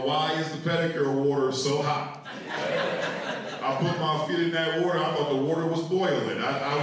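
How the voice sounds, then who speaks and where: A young man performing a stand-up comedy set on a theater stage, telling animated stories and acting out quotes. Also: on the high side. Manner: animated storytelling with acted-out quotes. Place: theater stage before a live audience. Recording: echoey theater, mic heard from far off. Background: audience room noise.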